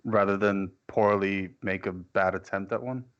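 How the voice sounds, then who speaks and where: A man's voice: low-pitched, fairly even intonation, normal speed, a bit bright, lo-fi sound. A man making dry, wry remarks in casual tabletop game chat. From New York. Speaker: player.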